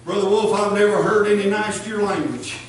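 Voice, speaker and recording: A high-pitched man preaches a fervent sermon, folksy and plainspoken, climbing into shouts. He is picked up from well back in a very echoey church sanctuary, and a congregation can be heard around him. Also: steady tone, a little fast, noisy background. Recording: echoey church, distant mic. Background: congregation responding.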